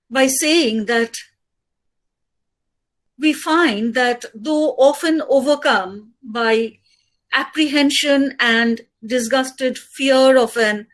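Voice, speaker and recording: A woman speaker at an academic webinar, reading her lecture paper in a measured way and quoting passages. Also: sits high, rough recording. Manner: slow, measured delivery with quoted passages. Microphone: video call.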